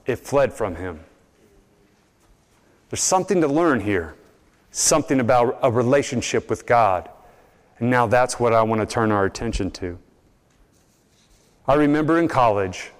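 A young man preaching a sermon, telling stories and acting out the people he quotes. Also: mid-range voice. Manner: animated storytelling, acts out quoted voices. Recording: long reverb in a large hall.

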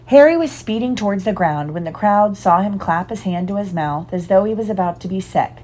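A woman reading a storybook aloud in an expressive, animated way. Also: mid-range voice, brisk. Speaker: reader.

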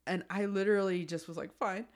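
A woman's voice: mid-range voice, steady tone, a little fast. A woman in her thirties co-hosting a casual recap podcast, telling stories and acting out lines. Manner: chatty storyteller, acts out quotes. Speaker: podcast co-host.

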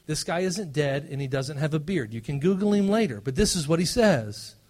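A man preaches in a loose, self-deprecating way. His voice sits slightly high and leaps from quiet asides to loud, punchy emphasis. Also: animated, a little fast. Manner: conversational, self-deprecating preaching with big swings between loud and hushed. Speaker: pastor. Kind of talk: sermon.

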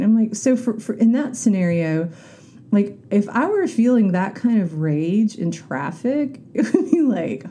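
A woman's voice: medium pitch, sing-song, moderate pace, mellow. A woman talking candidly in a casual reflective monologue, rambling a little and acting out the voices she quotes.

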